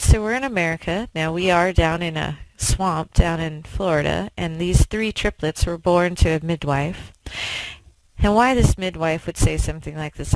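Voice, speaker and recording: A woman giving a talk who tells stories in an animated, conversational way with frequent fillers. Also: on the low side, no echo, rough recording. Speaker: speaker. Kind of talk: storytelling public talk.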